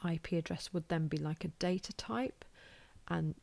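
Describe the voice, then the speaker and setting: Relaxed British woman lecturing, gravelly voice. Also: fairly low pitch, normal speed, no echo. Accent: British English. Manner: informal, self-deprecating, thinks aloud while drawing. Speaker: college lecturer. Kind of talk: recorded whiteboard lecture.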